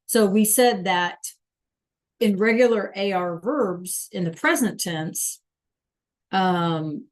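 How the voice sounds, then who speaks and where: A woman's voice: mid-range voice, takes it slowly. A woman teaching a live online Spanish class, patiently coaxing students and repeating verb endings.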